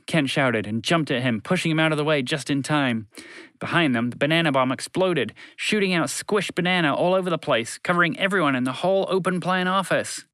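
A playful male storyteller spinning a children's adventure, teasing his listeners as he goes. His voice sits a bit high and swings with lively expression, recorded dry and close. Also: dry recording. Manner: playful, teasing, answering interruptions.

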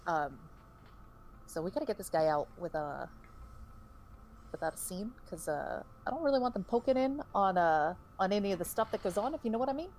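A woman voicing a wary male casino boss who speaks quietly with many pauses. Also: mid-range voice, lively intonation, a little hiss or hum, pitched below the performer's own voice, natural voice. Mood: hushed. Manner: hushed, hesitant, many fillers.

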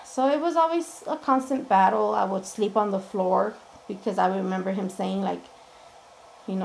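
A woman's voice: mid-range voice, moderate pace, vocal fry, slight background noise, low-quality recording. A woman, an interview guest, candidly telling her own story and often quoting what people said. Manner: candid, frank, often quotes people in conversation. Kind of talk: personal storytelling.

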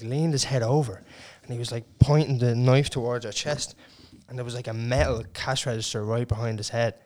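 Young irish guy rambling through a story, lots of likes and swearing. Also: mid-range voice. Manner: animated, swears, filler-heavy. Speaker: podcast co-host. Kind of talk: casual chat, storytelling.

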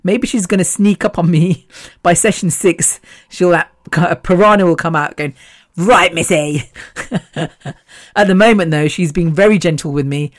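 Woman solo podcaster; loose, chatty monologue, quick laughs throughout. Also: lowish voice. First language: Punjabi. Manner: chatty, rambling, laughs often. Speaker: podcast host. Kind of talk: casual solo chat.

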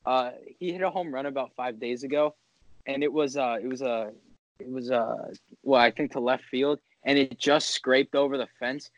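A man's voice: medium pitch, normal speed, dry recording, poor audio. Joking guy in dry sports chat. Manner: animated, joking, talks over others. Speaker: podcast co-host.

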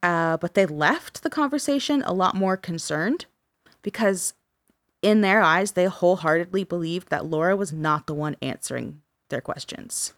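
A woman's voice: fairly low pitch, lively intonation, moderate pace, no room sound, studio quality. A woman co-hosting a podcast, telling a paranormal story in casual chat with fillers and the odd swear word.

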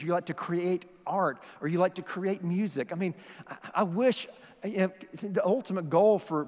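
A man's voice: high voice, long reverb tail. A middle-aged man preaching a sermon, emphatic and conversational, firing off questions at the congregation. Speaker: pastor.

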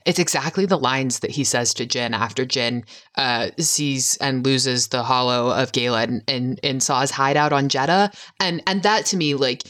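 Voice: medium pitch, moderate pace, few pauses, fairly bright tone. A podcast co-host talking through a TV episode with passion, cursing and losing the thread mid-sentence. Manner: passionate, swears, wanders mid-thought. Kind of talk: casual chat, TV episode discussion.

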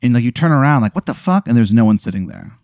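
Deadpan rambling man, smooth dry voice. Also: mid-range voice, rapid-fire, dry recording. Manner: rambling, many fillers, deadpan second-person narration. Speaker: host running an improvised scenario. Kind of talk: casual comedic storytelling.

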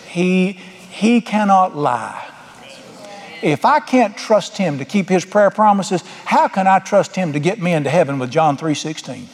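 Middle-aged man, pastor sermon, fairly high pitch, reverberant church hall. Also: darkish tone. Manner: folksy, preaching with rising emphatic bursts.

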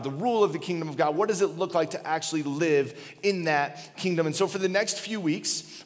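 A man in his thirties giving a sermon in a church auditorium, casual and animated, telling stories with lots of "like" and "right?". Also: on the high side, big-room sound. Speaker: pastor.

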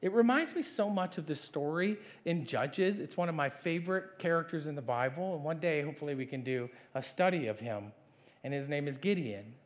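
A man preaching a sermon as pastor, conversational and animated, asking the congregation questions and acting out biblical characters. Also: a little high, a little fast. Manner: animated, acts out voices of Moses and God.

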